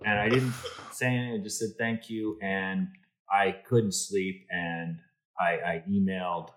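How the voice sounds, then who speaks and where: A man's voice: low-pitched, measured pace, a little hiss or hum, low-quality recording. A middle-aged man, an insurance executive, telling stories on a podcast and acting out the dialogue. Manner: animated anecdotes, acts out quoted dialogue. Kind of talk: casual storytelling interview.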